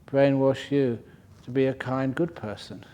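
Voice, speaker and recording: A man's voice: mid-range voice, fairly even intonation, measured pace, dark tone. An older man giving a humorous Dharma talk at a meditation retreat, telling stories and chuckling often. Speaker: meditation teacher. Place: retreat centre hall.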